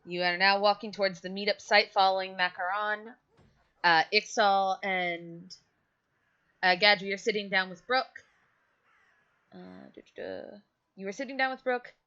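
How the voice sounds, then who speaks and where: A woman's voice: medium pitch, normal speed, long pauses, pushed and bright, smooth. A woman narrating a tabletop game as game master, casual and humming while she thinks. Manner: casual, filler-heavy, hums while thinking. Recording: dull lo-fi mic.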